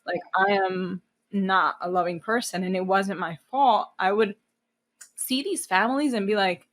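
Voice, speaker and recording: A woman's voice: medium pitch, unhurried, fairly bright tone. A woman in her thirties from New Jersey, a guest in an interview, talking bluntly with lots of swearing and acting out things she once said. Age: 30s. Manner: blunt, swears freely, acts out her own past lines. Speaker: guest, event planner. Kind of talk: candid casual interview.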